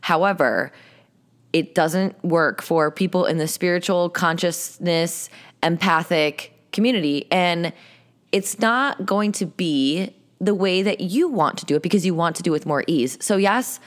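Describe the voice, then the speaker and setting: A woman's voice: fairly low pitch, measured pace. A young adult woman hosting a solo podcast, chatting casually and coaching with an upbeat, playful tone. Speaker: podcast host and sales coach.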